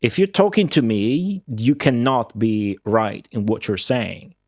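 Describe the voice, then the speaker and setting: A man's voice: mid-range voice, measured pace, a little mellow, no room sound, clean studio sound. A man with an Italian accent, a streamer rambling and swearing in casual chat with his viewers while playing a game. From Italy. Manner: rambling, profane, chatty with chat readers.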